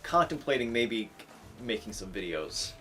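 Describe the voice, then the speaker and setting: A man's voice: medium pitch, big pitch swings, normal speed, pushed and bright. A man co-hosting a casual chat, reacting with short curious questions. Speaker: co-host.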